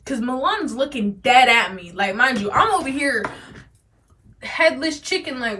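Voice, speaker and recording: Teen girl vlogger, bright high voice, lively storytelling with a slight stutter, faint hiss behind. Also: moderate pace. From United States. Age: teens. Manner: animated, swearing, acts out quoted lines. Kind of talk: storytime vlog. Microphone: phone camera.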